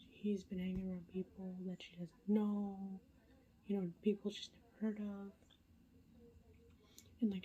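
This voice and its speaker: A woman's voice: mid-range voice, warm tone, a little hiss or hum, rough recording. A woman whispering a casual late-night reading vlog update, chatty and full of ums and likes. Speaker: book vlogger.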